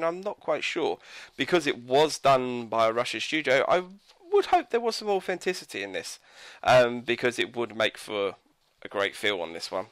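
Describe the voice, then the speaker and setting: A man's voice: medium pitch, sing-song, moderate pace, a bit bright, no room sound. A man reviewing a video game in casual commentary, rambling and hesitant, with frequent fillers and self-corrections.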